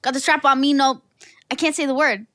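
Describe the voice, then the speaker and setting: A woman's voice: high-pitched, fairly even intonation, brisk, fairly bright tone, no room sound, studio quality. A young woman guest on a podcast, telling stories in a brash, profane casual chat. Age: young adult. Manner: brash, profane, storytelling with lots of "like".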